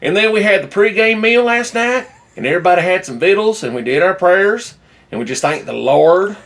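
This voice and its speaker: A man's voice: high-pitched, animated, a little fast, creaky, a bit bright, pitched above the performer's own voice, full character voice. A man putting on a fake folksy Southern drawl to mock a college football coach, with an exaggerated delivery.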